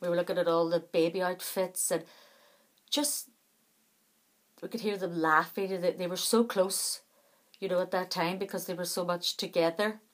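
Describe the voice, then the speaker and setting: Woman, middle-aged, casual vlog chat, rambling, chatty, self-deprecating, slightly low voice. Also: steady tone, moderate pace, pauses often. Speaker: vlogger.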